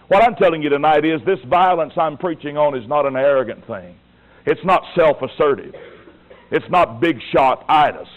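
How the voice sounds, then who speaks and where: A man preaching a sermon with passion, firing rhetorical questions and swinging between hushed tones and shouts. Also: medium pitch. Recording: tinny, phone-like lo-fi recording.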